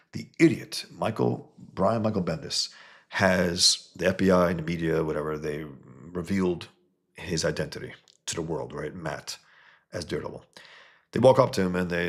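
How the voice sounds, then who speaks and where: A man, a comics creator, talking in a heated, blunt monologue and mocking other views. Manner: heated, blunt, mocks others with sudden high put-on voices. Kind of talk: casual opinionated monologue.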